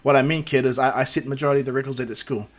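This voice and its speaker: Casting note: hearty, boisterous hero mentor, done by the narrator. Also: male voice, mid-range voice, fairly even intonation, rapid-fire, lightly acted. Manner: hearty, calls everyone kid. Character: boisterous grown male superhero mentor.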